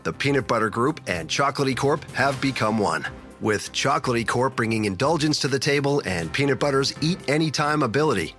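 A man reading a parody ad in an upbeat sales-pitch manner. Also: fairly bright tone. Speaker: ad announcer. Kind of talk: mock commercial read.

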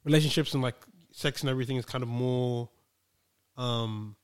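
A man's voice: mid-range voice, moderate pace, clean tone. A young man talks in a rambling, hesitant way during casual chat. He leans on fillers as he works out what he thinks.

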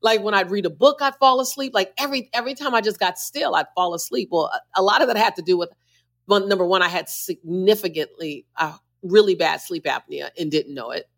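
A woman's voice: mid-range voice, brisk, vocal fry, a bit bright. A woman who is a motivational speaker, a guest on a podcast interview, talking with emphatic, preacher-like repetition.

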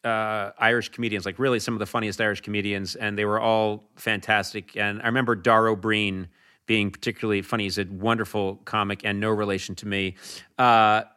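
Man, bright forceful voice, casual storytelling, chatty guest. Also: fairly low pitch, brisk, clear, resonant tone. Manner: animated storyteller, slips into Irish voices for laughs. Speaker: talk show host, guest. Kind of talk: casual chat, anecdotes.

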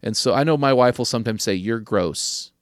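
An older man hosting a podcast, giving earnest advice to men and slowing down to stress key questions. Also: mid-range voice, dry recording, studio quality. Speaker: podcast host.

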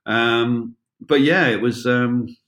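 A man's voice: medium pitch, slow pace, fairly bright tone. A man in his sixties, a former police officer telling wry, rambling stories with many fillers and restarts. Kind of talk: anecdotal storytelling.

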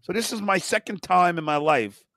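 A man's voice: high-pitched, normal speed, gravelly, pushed and bright, no echo, clean studio sound. A man on a podcast telling a long, profane personal anecdote in a rambling way. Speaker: podcast guest.

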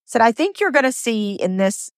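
A woman's voice: a little high, sing-song, moderate pace, no room sound, studio quality. A woman hosting her podcast alone, speaking, earnest and emotional, often stumbling and repeating words. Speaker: podcast host. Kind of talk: heartfelt solo podcast monologue.

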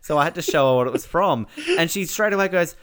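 A man's voice: a little high, animated, fast, fairly bright tone, clean tone. A man co-hosting a podcast in casual chat, rambling and laughing often. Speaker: podcast co-host.

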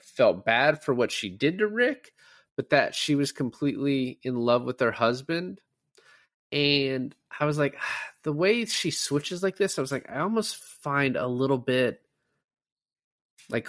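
A man's voice: on the low side, fairly bright tone, no room sound, clean studio sound. A man co-hosting a podcast who chats casually about a film, retelling scenes with lots of fillers. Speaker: podcast co-host. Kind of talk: casual movie discussion.

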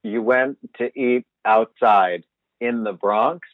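A man's voice: medium pitch, slow pace. A man co-hosting a podcast remotely, teasing and sarcastic in casual chat. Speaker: podcast co-host. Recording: tinny phone-like line.

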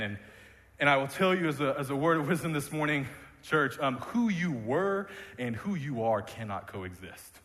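A man's voice: a little high, expressive, moderate pace, a bit bright. A man preaching a sermon in a church, conversational and jokey with many restarts. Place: church sanctuary. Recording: long reverb of a church hall.

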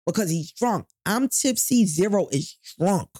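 A woman, telling a personal story on a podcast in a casual, animated and profane way, acting out what people said. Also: mid-range voice, unhurried, slightly rough, no room sound, studio quality. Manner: animated, profane, acts out quotes loudly.

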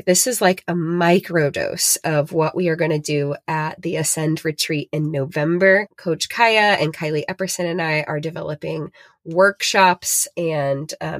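A woman with a lowish voice, recorded without echo, hosts a podcast and also runs retreats. She speaks earnestly and emotionally to motivate listeners, using plenty of fillers.

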